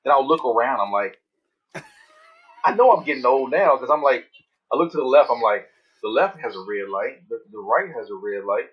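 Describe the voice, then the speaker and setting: A man in his thirties co-hosting a podcast, telling road stories in an animated, profane, casual way. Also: medium pitch, moderate pace, slightly rough. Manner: animated storytelling with heavy swearing. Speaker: podcast co-host. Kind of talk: casual chat. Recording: dull lo-fi audio.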